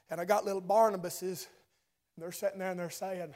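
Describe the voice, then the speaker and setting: A man's voice: extremely high pitch, fairly even intonation, fast, darkish tone. A man preaching a sermon in church, building with repeated phrases and asides to the congregation.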